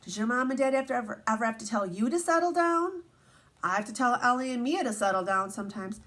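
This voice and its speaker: A woman teacher reading a picture book aloud to children, animated and asking them questions as she goes. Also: fairly high pitch, fast talker.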